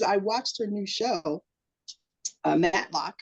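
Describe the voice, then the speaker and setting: A woman's voice: mid-range voice, slow pace, poor audio. A middle-aged woman telling a personal story in an emotional, earnest way as a podcast guest. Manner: emotional, earnest storytelling with lively quoted voices.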